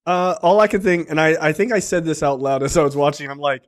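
A man's voice: a little high, fast talker, hardly any pauses. A man co-hosting a film review podcast, joking and laughing in casual banter. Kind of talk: casual chat.

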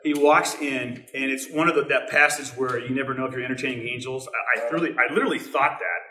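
A middle-aged man, a teacher, telling personal stories at church in a conversational, halting way, full of restarts and fillers. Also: medium pitch, crowd noise. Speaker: teacher sharing a testimony. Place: church sanctuary. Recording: roomy church hall, voice from some distance.

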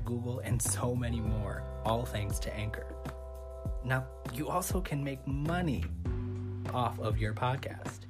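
A man hosting a podcast, reading a sponsor spot in an upbeat, persuasive way that sometimes drops to a hush. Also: medium pitch. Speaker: podcast host. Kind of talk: sponsor read. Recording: loud music behind.

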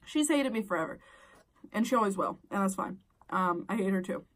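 A woman's voice: medium pitch, lively intonation, fairly quick, recorded from a distance, a little hiss or hum, poor audio. A young adult woman telling a personal story casually while eating, blunt and profane, her voice shooting way up when she gets worked up.

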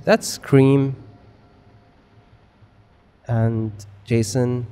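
A man's voice: mid-range voice, little pitch movement, extremely slow, warm tone, clean tone. A man giving casual, rambling let's play commentary on a horror game, swearing constantly and mocking himself. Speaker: gamer.

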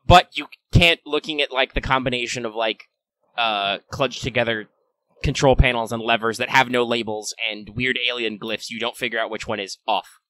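A man's voice: medium pitch, steady tone, moderate pace, sharp tone, no echo. A man narrating a tabletop game as game master, in a loose, rambling way with lots of fillers.

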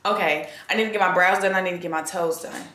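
A woman's voice: lowish voice, steady tone, fast, a bit bright, slight background noise. Sleepy, chatty young woman vlogging. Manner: chatty and casual, addresses viewers as y'all. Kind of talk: casual vlog chat to camera. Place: in a car and around a mall. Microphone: phone camera held or propped.

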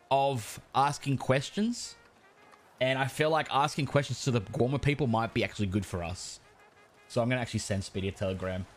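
A man streaming a game, chatting casually, swearing often and laughing a lot. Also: medium pitch. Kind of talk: casual gaming stream chat.

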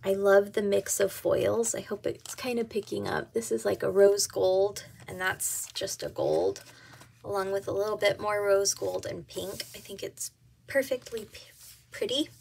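A woman's voice: mid-range voice, expressive, measured pace, vocal fry, a little mellow, husky. A woman chatting casually to camera at home about her planner, giggly and full of ums. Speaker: planner vlogger.

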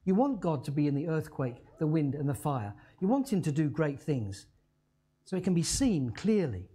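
A male pastor preaching a sermon, telling a story dramatically and slowing to a hush on key words. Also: fairly high pitch, big pitch swings, slightly rough.

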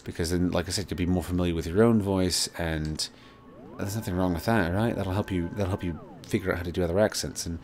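A man's voice: low voice, steady tone, fast, a little mellow, a little hiss or hum. A man hosting a casual let's play, rambling with lots of fillers and swearing. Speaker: gaming channel host.

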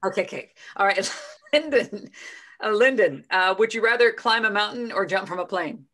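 A bubbly woman hosts a casual video call with a bright, forward tone. She laughs easily and keeps things playful, and her voice comes through a call microphone. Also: medium pitch, animated, moderate pace. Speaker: host.

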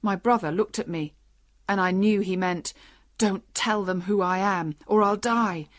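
A woman's voice: medium pitch, unhurried, natural voice. A woman reading as a polite, frightened little man. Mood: earnest. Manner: polite, earnest explaining.

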